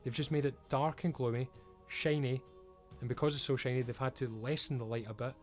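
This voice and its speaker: A man's voice: mid-range voice, fairly even intonation, brisk, soft background music. A man giving an emphatic, frustrated rant as a video creator, swearing often. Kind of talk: ranting commentary.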